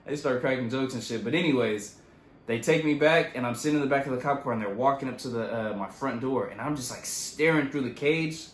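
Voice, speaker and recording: A young man casually retelling his own story in a loose, profane, animated way. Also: mid-range voice, brisk, roomy sound, slight background noise. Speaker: vlogger.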